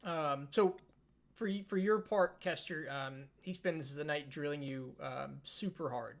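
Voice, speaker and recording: A man's voice: a little high, measured pace, vocal fry. A man narrating a tabletop game as game master, casual with many fillers.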